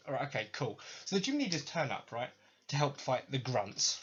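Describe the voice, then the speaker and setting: A man's voice: medium pitch, very animated, moderate pace, background noise. A young man hosting a podcast, ranting in a profane, sarcastic way. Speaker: podcast host. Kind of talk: ranting commentary. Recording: dull lo-fi recording.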